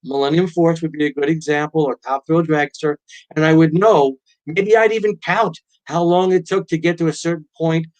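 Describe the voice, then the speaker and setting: A middle-aged man appears as a guest, an author and pilot, in a casual interview. With a slightly high voice at normal speed, he tells stories in an animated way and acts out quotes.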